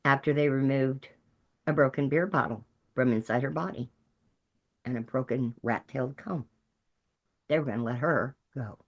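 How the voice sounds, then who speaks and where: A woman's voice: very deep voice, moderate pace, long pauses, dull audio. A middle-aged woman from Texas, a peer support specialist, giving an earnest and emphatic personal testimony. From Texas, USA.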